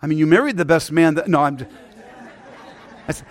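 A middle-aged male preacher delivers his sermon in a notably high voice. He is earnest, calling for amens, and often sinks to a hushed, softer tone when he tells a personal story. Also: expressive, moderate pace. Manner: earnest, drops to a hushed voice for stories.

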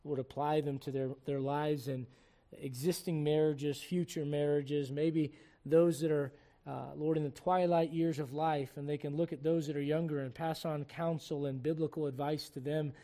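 A middle-aged man from Puerto Rico preaching a sermon to a congregation, shifting from fervent shouts to quiet, earnest appeals and slipping in jokes. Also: a little high, flat delivery, normal speed, hardly any pauses. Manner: joking asides to the congregation. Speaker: pastor. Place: church service before a congregation.

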